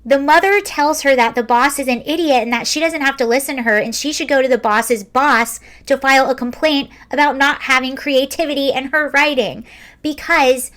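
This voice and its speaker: A woman's voice: high voice, steady tone, moderate pace, a bit bright. A woman in her early forties hosting a casual video, reading a story aloud with wry, sarcastic commentary. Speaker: video host.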